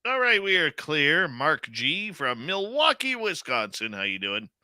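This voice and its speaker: A man's voice: fairly high pitch, very animated, a little slow, pushed and bright, clean tone, dry recording. A man hosting a live radio show, chatting casually and joking as he greets listeners in the chat by name.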